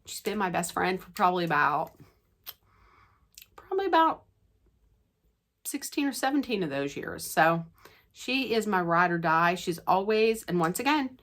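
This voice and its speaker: A woman's voice: fairly low pitch, very animated, normal speed, long pauses, fairly bright tone. A woman talking casually to her channel viewers in a chatty, rambling way with many restarts. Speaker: vlogger. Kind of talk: casual chat to camera.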